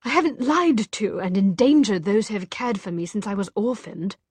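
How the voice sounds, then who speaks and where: A woman voicing a calm, gentle young man who speaks steadily and earnestly. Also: mid-range voice, moderate pace, husky, no room sound, voice pushed up. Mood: firm.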